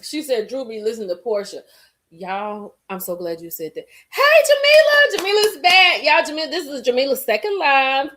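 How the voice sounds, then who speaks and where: A woman with a fairly high voice hosts a casual live-stream chat. She talks straight to her viewers in an animated way and hammers her points home by repeating them. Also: brisk. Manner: emphatic, repeats lines for effect.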